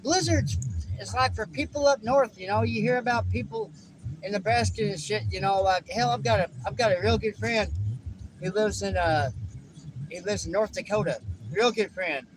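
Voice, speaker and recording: A high-voiced man livestreams from inside his vehicle at normal speed. He rambles and cusses casually, circling back to repeat himself, with faint outdoor noise behind him.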